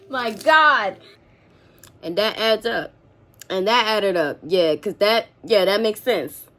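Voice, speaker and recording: A woman in her twenties giving blunt, expressive reactions in a casual reading vlog. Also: medium pitch. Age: 20s. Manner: candid, blunt and expressive, with slangy asides. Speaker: book vlogger.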